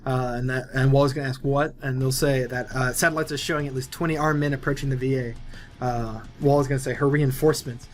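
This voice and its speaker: A man's voice: mid-range voice, steady tone, fast talker, slight background noise. A young man casually talking through a movie plot he wrote, rambling with lots of fillers. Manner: loose and rambling, many fillers. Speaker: movie video creator. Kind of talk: casual plot pitch narration.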